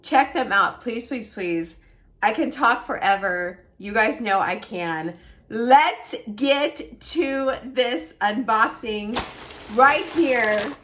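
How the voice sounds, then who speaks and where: A woman crochet vlogger chatting through an excited unboxing, gushing and repeating her words for emphasis. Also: fairly high pitch, slow pace.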